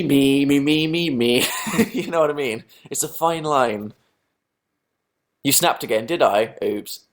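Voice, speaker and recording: Self-deprecating British young man. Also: medium pitch. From England. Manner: self-deprecating, rambling, answers chat. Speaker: livestream host. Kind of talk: casual livestream chat.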